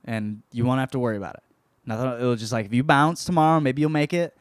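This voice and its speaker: A man's voice: medium pitch, fast, clean tone, no echo, clean studio sound, close to an everyday voice. A man voicing a blunt, slangy female vampire. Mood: urging. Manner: slangy, offhand. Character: blunt young female vampire, casual and defiant.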